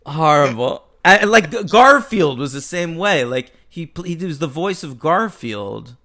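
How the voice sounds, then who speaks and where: A man with a bright, forceful tone and a slightly high voice, talking casually about films as a podcast host. He is chatty and joking. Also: animated, unhurried. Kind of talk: casual chat.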